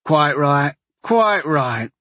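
A man voicing a hearty, teasing woman soldier in a fantasy audiobook, his voice raised and lively. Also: a little high, drawn-out words, no room sound, voice pushed up, exaggerated voice. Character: gruff friendly woman soldier.

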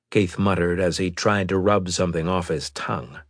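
Steady male audiobook narrator, dry sound. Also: deep voice, moderate pace, no room sound. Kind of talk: scripted narration.

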